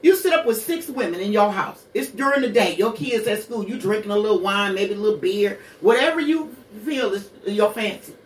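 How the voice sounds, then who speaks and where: A woman's voice: medium pitch, expressive, a little fast, hardly any pauses, roomy sound, recorded from a distance, slight background noise. A woman in her sixties hosting a radio show, telling her own hard story bluntly, with curses and rhetorical questions. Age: 60s. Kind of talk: candid personal monologue.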